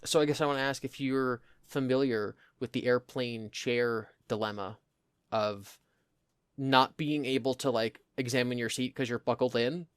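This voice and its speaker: A man's voice: medium pitch, moderate pace, clean tone, no room sound, clean studio sound. A young man from New Jersey with a New Jersey accent, co-hosting a podcast in rambling casual chat and laughing often. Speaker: podcast co-host.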